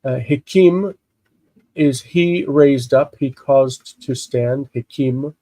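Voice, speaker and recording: A man with congested sinuses, slowly explaining a Bible text in a live lesson, halting and thinking aloud with many fillers. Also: medium pitch, dark tone, dry recording, rough recording. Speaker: Hebrew teacher.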